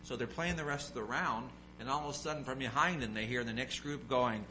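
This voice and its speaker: A man's voice: mid-range voice, a little fast, few pauses, sharp tone, rough recording. A man preaching a sermon, asking the congregation questions and acting out the voices of people in his stories. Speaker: pastor.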